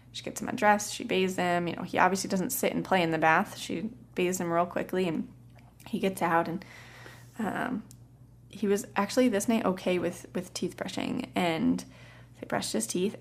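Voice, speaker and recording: A woman hosting a parenting podcast who tells a coaching story in a calm, gentle, soft-spoken way. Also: fairly low pitch. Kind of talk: casual storytelling.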